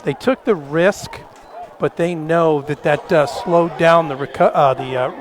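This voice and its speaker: A man giving folksy, joking color commentary at a live high school football game. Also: measured pace, background noise. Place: outdoors at a high school stadium. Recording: outdoor stadium with crowd.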